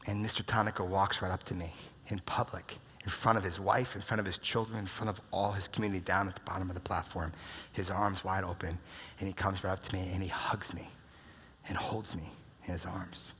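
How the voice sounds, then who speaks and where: A husky, low-voiced American man delivers a motivational keynote with a forceful, bright edge. He tells his story and sinks into a hushed near-whisper when it turns emotional. His voice rings through a large hall with long reverb. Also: flat delivery, brisk. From United States. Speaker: keynote speaker. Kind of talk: motivational conference speech. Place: large conference room.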